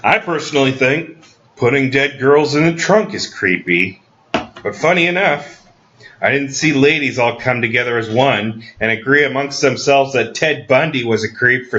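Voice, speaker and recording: A man's voice: medium pitch, sharp tone. A man hosting a comedy podcast, delivering a dry, mock-serious comedic monologue. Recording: slightly dull lo-fi recording.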